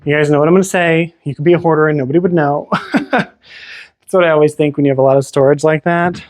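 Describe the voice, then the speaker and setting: A man's voice: fairly high pitch, steady tone, very fast, a little mellow. Upbeat man giving a chatty house tour. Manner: enthusiastic, chatty, exclaiming over features. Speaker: realtor giving a home tour. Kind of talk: casual walk-through narration. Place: inside a house, walking room to room.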